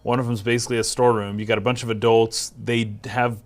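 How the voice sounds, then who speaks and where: A man in easygoing conversation who answers with eager agreement and laughs along readily. His voice sits at a plain middle pitch, and he jumps into the exchange with quick enthusiasm. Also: level tone. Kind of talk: casual chat about a video game.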